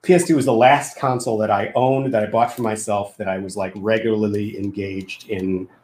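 A man's voice: lowish voice, steady tone, brisk, a little mellow. A man who makes games, chatting casually with a lot of restarts and fillers. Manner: hesitant, many restarts and fillers, laughs often. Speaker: game developer. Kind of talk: casual podcast chat. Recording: roomy echo.

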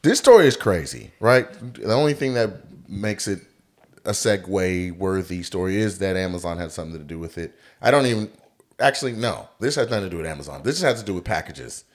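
Laid-back man, animated joking co-host. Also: sits low, a little fast. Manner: animated, joking, profane storytelling. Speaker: podcast co-host. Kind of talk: casual podcast chat.

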